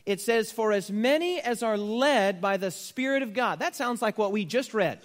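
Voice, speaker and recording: A man's voice: high voice, lively intonation, moderate pace. A man preaching a sermon as pastor, building emphasis on key words and slipping in dry humorous asides. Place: church. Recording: long reverb of a church hall.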